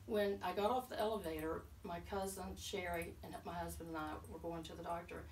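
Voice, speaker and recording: A woman's voice: mid-range voice, a little mellow, slight background noise. A middle-aged woman, a guest telling her personal story in a casual chat, earnest and emotional, with many fillers. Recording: roomy, from a distance, faint ambience.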